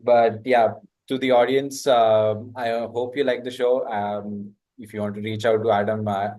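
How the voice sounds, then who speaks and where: A man's voice: mid-range voice, level tone, measured pace, darkish tone. A man hosting a podcast interview, speaking hesitantly with frequent "uh" fillers. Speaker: podcast host.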